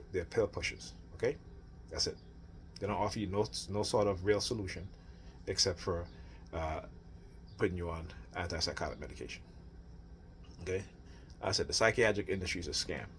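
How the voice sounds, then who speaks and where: A man's voice: low voice, fairly bright tone, a little hiss or hum. A man venting about family matters in a rambling, heated monologue, often asking "right?". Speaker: father venting on his channel. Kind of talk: casual rant to camera.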